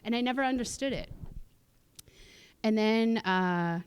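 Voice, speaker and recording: In a slightly high, unhurried voice with a clear, resonant tone, a guest speaker at a cultural sharing tells personal stories. She is a Musqueam woman from Canada, and her talk on the theatre stage is casual and chatty, full of fillers, restarts and frequent laughter.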